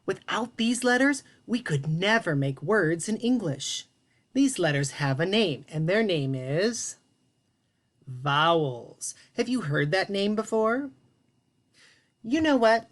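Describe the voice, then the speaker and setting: Lady teacher doing a kids phonics lesson, low voice that swoops up and down a lot. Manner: sing-song, animated, encouraging with drawn-out sounds.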